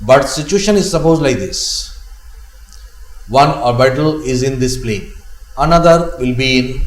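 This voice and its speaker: Slow, repetitive Indian chemistry teacher. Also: male voice, medium pitch, echoey room, low-quality recording. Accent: Indian English. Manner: slow, repeats key phrases. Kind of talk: classroom lecture.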